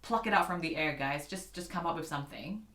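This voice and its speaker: A woman's voice: low voice, fairly quick, fairly bright tone. A woman giving a casual piano lesson, chatting with viewers as guys and scatting rhythms aloud. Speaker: piano teacher. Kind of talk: casual online keyboard lesson. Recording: echoey room with piano.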